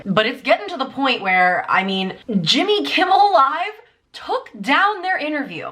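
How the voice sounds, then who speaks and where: A woman's voice: fairly high pitch, big pitch swings, normal speed, sharp tone. A woman in her twenties giving an emphatic, indignant fan commentary to her vlog audience, full of "like". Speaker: YouTuber.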